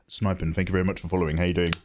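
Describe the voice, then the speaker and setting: A man's voice: deep voice, little pitch movement, noisy background. A man chatting casually on a live art stream, rambling, joking and reading out his chat from home. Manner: chatty, rambling, quick to joke, reads chat aloud. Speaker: live-streaming digital artist.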